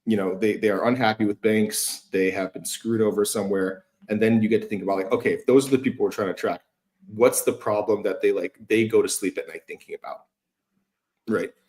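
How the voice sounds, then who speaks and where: Male host, lowish voice, loose and profane, casual chat. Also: steady tone, a little fast, a little mellow. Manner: loose, profane, lots of fillers. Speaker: host giving feedback. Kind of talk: casual conversation.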